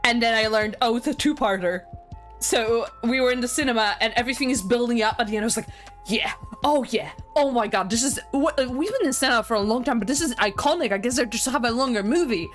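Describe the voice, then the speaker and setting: Woman, game streamer, casual chat, excitable, talkative, laughs a lot, faint background music. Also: on the high side, fast talker. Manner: excitable, chatty, laughs often.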